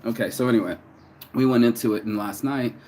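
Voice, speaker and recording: An American man tells a story to his camera as a heated, profane rant, swearing freely. He slips into other people's voices and acts out what they told him. His pitch sits in an ordinary middle range. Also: steady tone, brisk, a little mellow, a little hiss or hum. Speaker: vlogger. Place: abroad, telling a story to camera.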